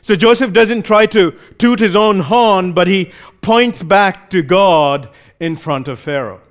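A man's voice: sits high, measured pace. A man preaching a sermon, explaining scripture in a conversational way and briefly acting out the quoted lines.

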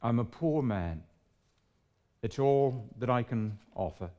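A man's voice: mid-range voice, lively intonation, takes it slowly, dark tone. Man doing old gardener, modest, plain-spoken.

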